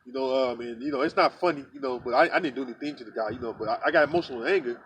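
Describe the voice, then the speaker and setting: A man's voice: medium pitch, very fast, a bit bright, husky, recorded from a distance. A man telling a story in casual talk, rambling and profane, repeating himself with lots of "you know" and "man". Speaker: religious group member telling a story.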